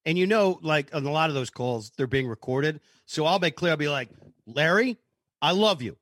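A man, a co-host, relaxed and chatty as he tells a personal anecdote. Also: a little high, fairly quick, dry recording, clean studio sound. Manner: laid-back anecdote teller. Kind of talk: casual chat.

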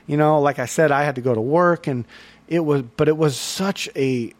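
A man's voice: a little high, normal speed, no echo. Earnest rambling man hosting a podcast. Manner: earnest, rambling, many fillers and restarts. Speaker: podcast host. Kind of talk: casual solo podcast recap.

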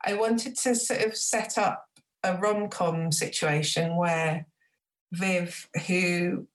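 A woman novelist reading from her own book with measured, reflective delivery, then talking about the writing. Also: on the low side, fairly even intonation. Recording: roomy echo.

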